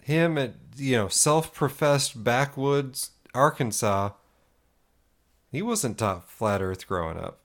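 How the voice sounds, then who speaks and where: Man, podcast co-host, casual talk, slow pace, halting restarts. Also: medium pitch, expressive. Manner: halting, many restarts and "you know".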